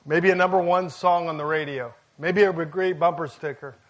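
A man's voice: fairly high pitch, steady tone, moderate pace. A man preaching a sermon in a casual, conversational way, with jokes and asides to the congregation. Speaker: pastor.

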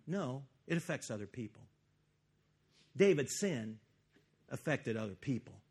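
Animated storytelling preacher, man. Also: mid-range voice, normal speed, pauses often, husky. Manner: animated storyteller, swings from loud to hushed. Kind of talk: sermon, retelling a Bible story.

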